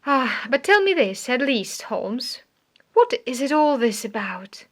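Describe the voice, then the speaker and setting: A woman's voice: high voice, very animated, measured pace, a bit bright, heavily acted. A woman reading an earnest, curious male doctor who keeps asking questions, in an audiobook. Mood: questioning.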